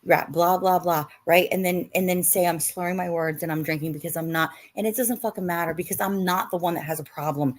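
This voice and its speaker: A woman's voice: on the low side, steady tone, fairly quick, few pauses. A woman on a live stream defending herself in an argument, curt and swearing.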